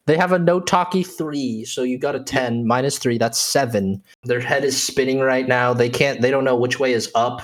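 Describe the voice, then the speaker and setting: A man narrating as game master of a tabletop game, playful and fond of drawn-out repetition for comic effect. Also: mid-range voice.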